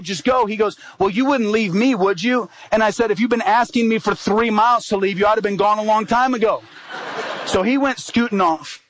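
A man's voice: on the high side, fairly bright tone, dry recording, poor audio. A middle-aged man, an evangelist, telling a personal story in a sermon and acting out the quoted dialogue.

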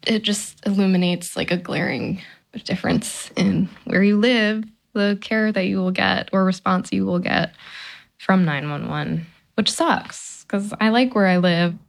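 A woman's voice: mid-range voice, a little slow, creaky. A woman in her thirties speaking candidly in an interview, conversational with frequent fillers. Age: 30s. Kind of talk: casual interview.

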